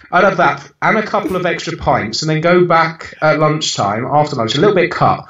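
A man's voice: a little high, lively intonation, normal speed, fairly bright tone. A man in his thirties talks bluntly and animatedly as a podcast guest, swearing casually and restarting his sentences. His voice sits back from the mic in an echoey room, and the recording sounds dull and lo-fi. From United Kingdom. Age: 30s. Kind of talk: casual interview chat. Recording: roomy, distant and dull-sounding.

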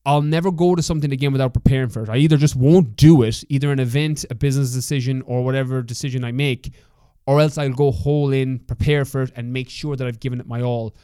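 A man's voice: mid-range voice, steady tone, fast, mellow, clear, resonant tone, no room sound, studio quality. A young adult man with an Irish accent hosting a motivational solo podcast, talking candidly and swearing freely in a coaching tone. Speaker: podcast host.

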